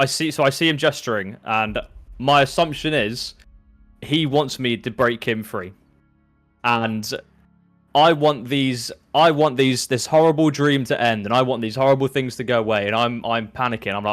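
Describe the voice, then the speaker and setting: A man's voice: medium pitch, moderate pace, a bit bright, soft background music. A man playing in a tabletop game, talking hesitantly with many restarts as he describes what his character does. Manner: hesitant, restarts often, speaks in character's thoughts. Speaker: player. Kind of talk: casual tabletop play.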